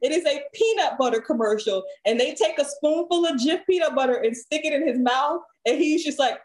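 A woman singer, a guest on a podcast, chatting casually and telling lively stories full of laughter and acted-out quotes. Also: sits high, a little fast. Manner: lively storyteller, laughs often, acts out quotes.

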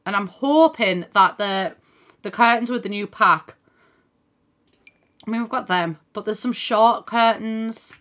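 Speaking at a measured pace with frequent pauses, a young woman with a medium-pitched, slightly bright voice chats casually on her live game stream. She thinks aloud, thanks viewers by name, and swears casually while laughing often.

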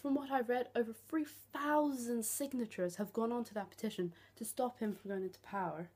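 A young woman rants bluntly to camera, sarcastic and swearing freely. Her voice sits slightly high, with a husky edge and a mellow, dark tone. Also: normal speed. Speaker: vlogger. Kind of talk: ranting vlog.

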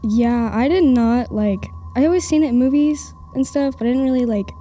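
Young woman telling a ghost story, dark-toned. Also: sits high, a little fast, faint music behind. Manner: chatty, lots of fillers, nervous laughs. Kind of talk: casual storytelling.

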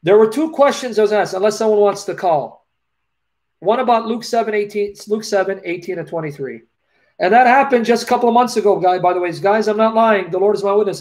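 A man's voice: high voice, darkish tone. A man hosting a live Q&A over a video call, telling a personal story in an earnest, emotional way and often repeating his phrases. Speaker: host of a live Q&A.

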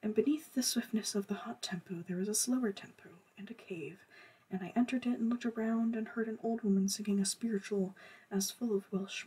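A woman reading a novel aloud for her book channel, in a soft, partly whispered voice. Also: medium pitch, breathy edge, distant mic.

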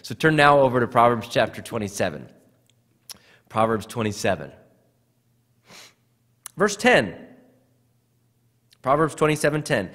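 A man's voice: medium pitch, sing-song, unhurried, pauses often, a bit bright. A man preaching a sermon as pastor, earnest, often repeating words as he starts a phrase. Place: church sanctuary. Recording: church hall reverb.

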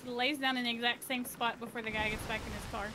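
A woman with a high voice chats easily on a gaming stream, spinning a little story and laughing between lines. Noise sits under the stream audio. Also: fairly even intonation, fast. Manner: chatty storyteller, laughs often. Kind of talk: casual gaming chat.

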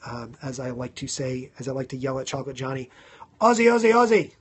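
A man around thirty hosting a casual live stream, chatting to viewers, thanking them by name and filling pauses with ums. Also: medium pitch, monotone, a little mellow, slightly rough. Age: 30s.

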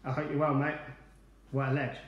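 A man's voice: mid-range voice, little pitch movement, fairly quick, roomy sound, dull audio. A man hosting a live online quiz night, chatty and upbeat as he greets viewers by name. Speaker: quiz host, former player.

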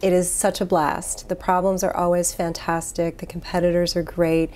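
A woman trial lawyer, a guest in an interview, answering with enthusiasm and lively storytelling. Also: fairly low pitch, normal speed.

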